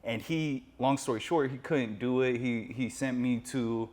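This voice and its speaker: A man hosts a podcast interview, speaking in a relaxed, conversational manner. His voice is mid-pitched for a man and easy-going. He tells his own story casually. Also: measured pace. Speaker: podcast host.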